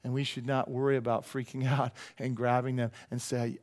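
A man preaching a sermon as pastor, conversational and jokey, swinging between loud emphasis and quiet asides. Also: mid-range voice, flat delivery. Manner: jokey, drops into quick playful voices.

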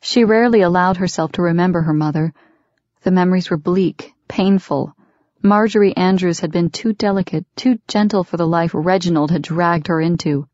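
A woman reading an audiobook in steady, measured scripted narration. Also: on the low side, no echo. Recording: dry, dull lo-fi recording.

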